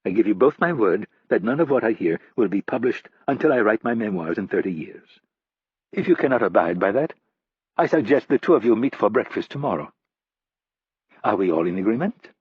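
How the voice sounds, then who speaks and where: Audiobook: a poised, teasing woman as a male narrator puts her on, voice lifted a few steps and husky. Dry, dull lo-fi sound. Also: on the low side, expressive, a little fast, no room sound. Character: poised, commanding woman, playful and possessive.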